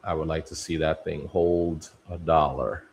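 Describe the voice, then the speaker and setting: A low-voiced man hosts a live trading stream from his desk, musing out loud and bantering with each ticker he scans. A faint hum of room ambience sits under his voice. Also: steady tone, a little slow, vocal fry. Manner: talks to stocks like people, musing and bantering. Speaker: day trading stream host. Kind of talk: live market commentary.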